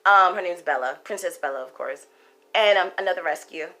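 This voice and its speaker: A woman's voice: on the low side, a little fast, sharp tone. A young woman who reads tarot, telling a personal story casually to camera, emphatic and repeating herself, swearing for emphasis. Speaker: tarot card reader.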